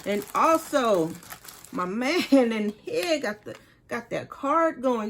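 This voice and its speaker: A woman with a Detroit accent chatting excitedly to viewers as she unboxes a sneaker merch haul. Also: on the high side, takes it slowly, creaky, slight background noise. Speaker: sneaker vlogger. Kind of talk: casual unboxing haul vlog.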